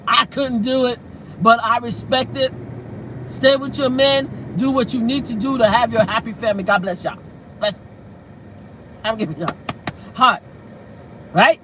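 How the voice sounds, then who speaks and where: A woman's voice: on the high side, normal speed, noisy background. Outspoken woman on a casual livestream. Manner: outspoken and animated, swears freely; breaks into laughter while storytelling. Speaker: livestream host. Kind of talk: casual live-stream talk.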